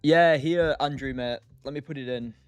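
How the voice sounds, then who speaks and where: A young man hosts a day-trading livestream, chatting casually at a moderate pace in a smooth mid-range voice. He reads out chat messages and answers people by name, laughing often. The close mic is dry with no room sound, and faint music plays underneath.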